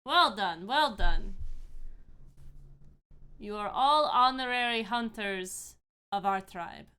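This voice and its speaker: A woman voicing a burly male hunter chief who is hearty and approving, speaking loudly in a tabletop game. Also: mid-range voice, slow pace, smooth.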